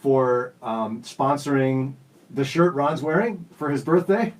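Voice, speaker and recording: A man's voice: medium pitch, takes it slowly, distant mic, background noise. A man in his forties hosting a radio show, telling stories in a jokey, self-teasing way. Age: 40s. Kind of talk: casual studio chat. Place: radio studio.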